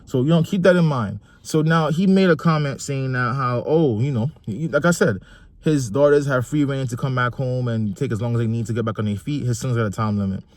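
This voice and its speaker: A man's voice: medium pitch, brisk, dry recording. Emphatic New man speaking his mind. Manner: emphatic, repeats phrases for stress. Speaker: vlogger and father. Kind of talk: passionate opinion monologue.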